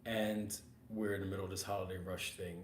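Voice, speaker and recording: Hoarse, easygoing man host. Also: low voice, little pitch movement, fairly quick. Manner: easygoing, rambling, many fillers. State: hoarse, getting over losing his voice. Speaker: podcast host. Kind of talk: casual chat. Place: art supply store, working studio. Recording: roomy store with faint ambient noise.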